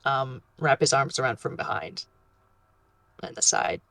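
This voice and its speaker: A woman in a tabletop role-play, hesitantly describing her character's actions. Her voice is very low and gravelly, slow, and recorded dry. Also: lively intonation, bright, forceful tone, no room sound. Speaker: player.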